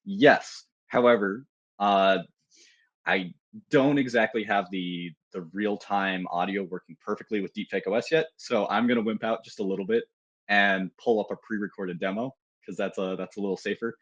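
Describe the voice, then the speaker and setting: A man's voice: lowish voice, moderate pace, no room sound, lo-fi sound. A man presenting a security tool in a live technical demo, talking casually with fillers and restarts.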